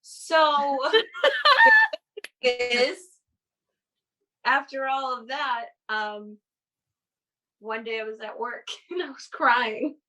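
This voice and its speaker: A woman's voice: fairly high pitch, fairly even intonation, takes it slowly, pauses often, sharp tone, low-quality recording. A woman on a casual podcast, telling a personal story in a rambling way, laughing between phrases. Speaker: guest.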